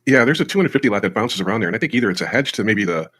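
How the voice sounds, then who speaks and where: A man's voice: on the low side, lively intonation, very fast, fairly bright tone, slightly rough. A man co-hosting a live trading stream, chatting loosely about market moves. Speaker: co-host. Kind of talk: casual trading chat.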